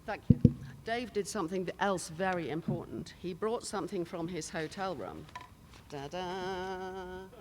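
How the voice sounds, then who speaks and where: A woman's voice: lowish voice, a little slow, a little mellow, slight background noise. An older British woman on a conference stage, telling chatty anecdotes with asides into a handheld mic. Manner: chatty, storytelling with laughs and asides. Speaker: conference panelist. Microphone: handheld microphone.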